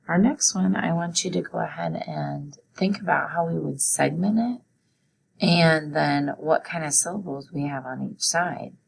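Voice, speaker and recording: A woman teacher walks children through a spelling lesson, sounding out each letter with slow, deliberate care. Her voice sits low with a gravelly edge. A faint hiss of noise lies under the recording.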